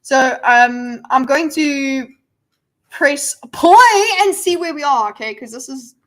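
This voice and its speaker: A woman's voice: sits high, animated, takes it slowly, rough recording. A woman hosting a casual livestream, rambling, giggling and poking fun at herself as she sets things up. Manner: rambling, giggly, self-deprecating. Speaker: livestream host.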